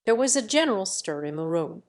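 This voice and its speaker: A woman's voice: mid-range voice, very animated, brisk, darkish tone. Woman narrating a classic novel. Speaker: audiobook narrator. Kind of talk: scripted literary narration.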